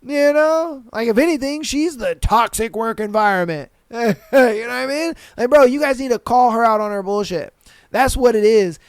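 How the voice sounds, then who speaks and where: A man's voice: sits high, clean tone, dry recording. A young man hosting a podcast, ranting bluntly with lots of swearing and putting on voices to mock people. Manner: blunt, profane, animated. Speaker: podcast host. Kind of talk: casual ranting commentary.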